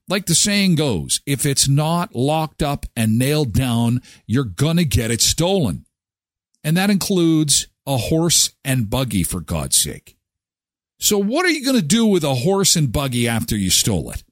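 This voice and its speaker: Guy hosting a daily live show, jokey, pitch jumps all over, dry close sound. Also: dry recording. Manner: animated, joking, swings in pitch. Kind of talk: casual joking show chat.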